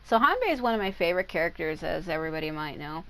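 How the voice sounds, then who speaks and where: A woman's voice: on the low side, very animated, rapid-fire, fairly bright tone, rough recording. A woman casually explaining a video game's character abilities, chatty and often stumbling over long foreign names. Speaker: gaming content creator. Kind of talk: casual explanatory game talk.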